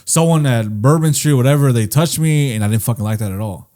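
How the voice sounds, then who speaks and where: Young man, podcast co-host, middle pitch, emphatic and profane in casual chat. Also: fairly quick, mellow. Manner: emphatic, profane, argues his point.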